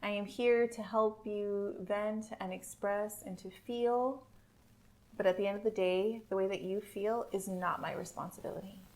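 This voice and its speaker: A woman's voice: medium pitch, fairly even intonation, normal speed, a little mellow. A woman hosting a casual podcast chat, earnest and supportive, speaking in affirmations. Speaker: podcast host.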